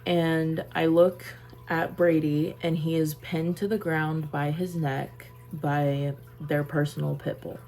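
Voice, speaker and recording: A young woman with a low, gravelly voice recounts a personal story straight to camera. She talks casually and emphatically, circling back to repeat her words. Her delivery stays plain and conversational. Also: flat delivery, slow pace, a little mellow. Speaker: vlogger.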